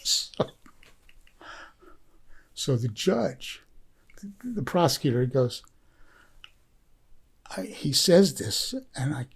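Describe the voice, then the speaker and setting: A man's voice: on the high side, big pitch swings, takes it slowly, vocal fry, long pauses, slightly rough. A man who is a guest on a podcast, telling a story in a rambling, heartfelt way, full of fillers and restarts. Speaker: podcast guest, documentary filmmaker. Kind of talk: casual storytelling.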